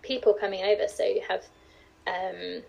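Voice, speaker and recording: A British woman with a formal English accent, speaking as a guest on a podcast. Her voice sits in a middle pitch for a woman. She chats easily, laughs often and hedges what she says. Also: flat delivery, moderate pace, vocal fry, darkish tone, lo-fi sound, slight background noise. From United Kingdom. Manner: chatty, laughs often, hedging. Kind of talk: casual podcast conversation.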